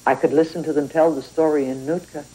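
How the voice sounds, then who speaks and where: A woman's voice: low-pitched, fairly even intonation, fast talker, dark tone, husky, poor audio. A woman from Canada, a writer talking about her work in a thoughtful, conversational interview. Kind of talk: reflective interview talk.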